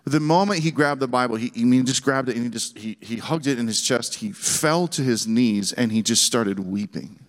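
A middle-aged man preaching and telling a story, animated, with frequent restarts and a voice that jumps higher when excited. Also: moderate pace, hardly any pauses. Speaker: guest speaker. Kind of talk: sermon storytelling. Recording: long hall reverb.

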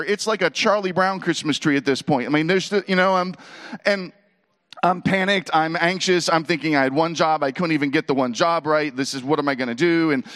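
A man's voice: on the high side, fairly quick. A middle-aged man telling a humorous personal story to an audience, acting out the voices and laughing as he goes. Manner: animated, acts out quoted voices, laughs between lines.

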